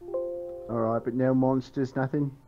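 A man's voice: medium pitch, little pitch movement, slow pace, muffled recording, soft background music. A man playing a tabletop game, directing the party's moves in casual talk. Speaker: player.

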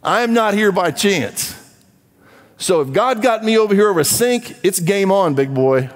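Emphatic pastor preaching in a hall. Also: male voice, animated, moderate pace. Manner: emphatic, swings from low asides to raised exhortation. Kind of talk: sermon. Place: church.

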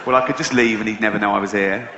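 A male comedian voicing a middle-aged mother talking quietly to herself as she thinks aloud. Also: fairly low pitch, steady tone, very fast, over a noisy crowd, heavy background noise, voice pushed down, close to an everyday voice. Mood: musing. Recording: echoey dull live hall recording.

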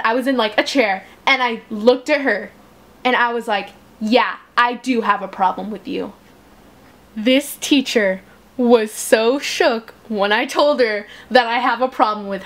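A teenage girl casually retelling a school story, chatty and animated, acting out the quotes with exasperation. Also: sits high. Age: teens.

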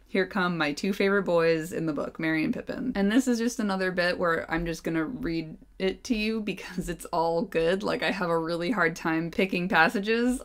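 A woman's voice: fairly low pitch, normal speed, few pauses. A young woman reading a novel aloud and breaking off for gushing, giggly casual commentary.

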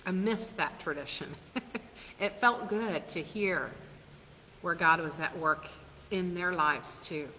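A woman pastor preaching a sermon in a church, earnest and questioning, with soft laughs now and then. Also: lowish voice, takes it slowly, long pauses. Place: church sanctuary. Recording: hiss and long church reverb.

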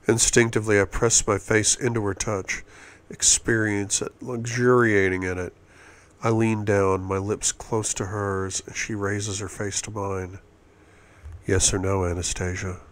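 A man's voice: fairly low pitch, level tone, unhurried. A man reading a novel aloud in first person, often murmured and intimate. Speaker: audiobook reader.

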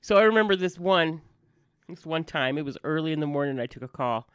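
Low-voiced woman, dry-sounding recording. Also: expressive, clear, resonant tone, no echo. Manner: wry, quick back-and-forth reactions. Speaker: podcast co-host. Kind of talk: casual chat.

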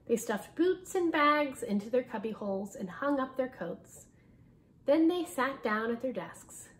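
A woman reading a picture book aloud to children in an expressive way, stopping to ask her listeners questions. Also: high voice, measured pace, a little hiss or hum. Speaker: storybook reader.

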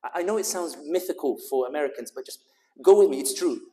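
High-voiced British man giving a rousing speech. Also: lively intonation, fast talker, dark tone, in a large hall. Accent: London English. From United Kingdom. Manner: rousing rhetorical questions, then humorous storytelling. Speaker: guest speaker. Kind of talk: speech at a community dinner.

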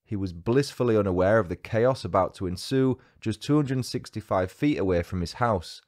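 A man hosting a true crime podcast, reading a scripted story with dry, wry asides. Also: on the low side.

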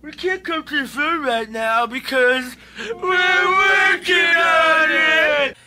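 A squeaky, fed-up voice recording a mock phone greeting, as a man puts it on. It sits on a cheap cassette with heavy hiss and clicks. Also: normal speed, over a noisy crowd. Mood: exasperated. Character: grumbling man on an answering machine message. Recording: hissy homemade cassette.

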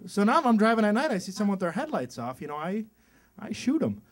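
A male stand-up comedian performing a routine on a club stage, mixing deadpan setups with acted-out voices. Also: sits high, fast, very noisy. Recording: live club set with loud crowd laughter.

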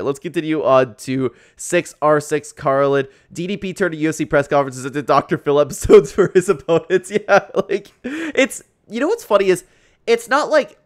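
A young man talking through fight clips in a loose, casual reaction style. His voice sits a little high, and he laughs easily, stringing thoughts together with "like" and "man". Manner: chatty, laughs often, lots of "like". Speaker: YouTube MMA commentator.

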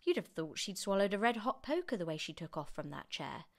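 A woman reading a children's book aloud as an expressive storyteller. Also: mid-range voice, brisk. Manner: expressive, animated narration.

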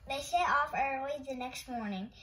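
A woman hosting storytime, reading a picture book aloud in a gentle, expressive way. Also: high voice, moderate pace, slight background noise, low-quality recording. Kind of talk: children's read-aloud narration.

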